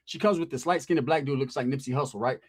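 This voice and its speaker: A man's voice: mid-range voice, quick pace. A man telling a comedic storytime monologue, profane and slangy, acting out the people in it. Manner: profane, slangy and animated, acting out quoted voices.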